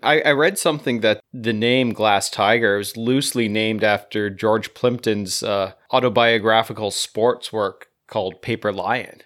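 A man's voice: fairly low pitch, fairly even intonation, unhurried, hardly any pauses, fairly bright tone. A man co-hosting a podcast, joking around in casual chat with many fillers. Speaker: podcast co-host.

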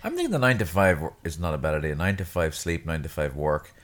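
A man's voice: very deep voice, sing-song, fast. A man with a faint Irish accent co-hosting a podcast from his bedroom, talking in a rambling casual way and often correcting himself. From Ireland. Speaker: podcast co-host. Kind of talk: casual chat. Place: bedroom at home.

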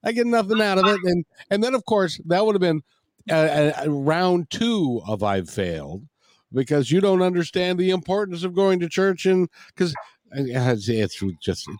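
Man in his 60s, rambling storyteller, slightly high voice, dry close sound. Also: expressive, moderate pace, darkish tone, no echo. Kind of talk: casual conversation, storytelling.

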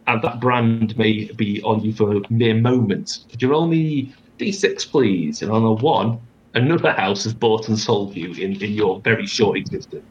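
A man's voice: on the low side, normal speed, hardly any pauses, a little mellow, lo-fi sound, slight background noise. A man narrating as game master over a video call, with a wry, rambling delivery and plenty of fillers. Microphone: computer mic on a video call.

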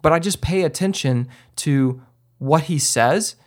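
A man's voice: a little high, a little slow. A man hosting a podcast, explaining filmmaking in a loose, conversational way and acting out what he tells people on set. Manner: conversational, many fillers and restarts, acts out his own directions. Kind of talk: casual instructional talk.

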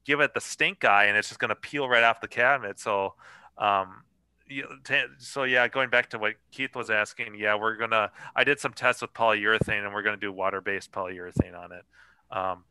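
Guy on a podcast, bright clear lowish voice, rambles and swears a lot, dry sound. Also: steady tone, fairly quick, no room sound, low-quality recording. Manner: rambling, lots of fillers and swearing. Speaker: podcast host. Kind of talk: casual chat.

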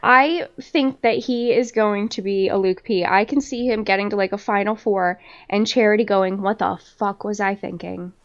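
A woman co-hosting a podcast, chatting casually in an animated, profane way and mocking people in exaggerated voices. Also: mid-range voice, normal speed, hardly any pauses, muffled recording. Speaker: podcast co-host. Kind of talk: casual chat.

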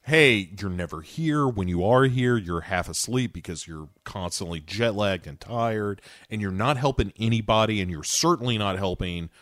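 Guy doing a sulky young agent, low griping mutter. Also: expressive, normal speed, few pauses, a bit bright, no room sound, studio quality. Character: brooding, self-pitying young male agent.

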